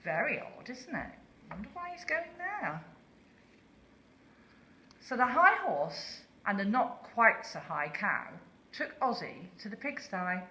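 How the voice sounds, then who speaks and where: A woman reading a children's story aloud slowly and expressively, asking listeners questions. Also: on the high side, very animated, pushed and bright, echoey room, a little hiss or hum.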